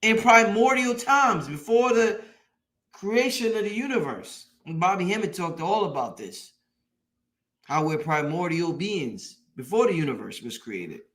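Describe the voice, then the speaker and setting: A man with a high-pitched voice preaches to his online audience in a loose, emphatic way. He drives points home by repeating them and swears freely as he goes. It sounds like a motivational talk on a late-night live stream. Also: very animated, a little slow, fairly bright tone.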